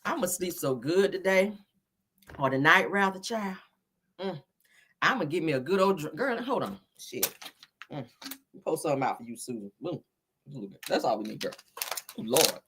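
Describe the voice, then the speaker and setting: A woman's voice: low voice, big pitch swings, moderate pace, long pauses, fairly bright tone, a little hiss or hum. Sassy, cursing woman gossip host. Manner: profane, laughing, sassy. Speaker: commentary host. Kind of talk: casual celebrity gossip commentary.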